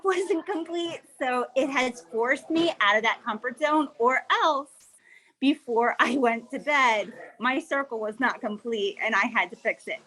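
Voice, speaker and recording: A woman's voice: a little high, a bit bright, poor audio. A woman chatting casually in a book club discussion over a video call, with lots of "like" fillers.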